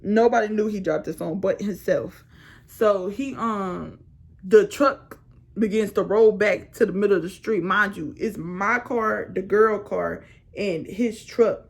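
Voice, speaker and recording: A young woman vlogger telling a storytime tale in an animated, slangy, laughing way. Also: medium pitch, measured pace, creaky, breathy edge. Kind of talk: casual storytime.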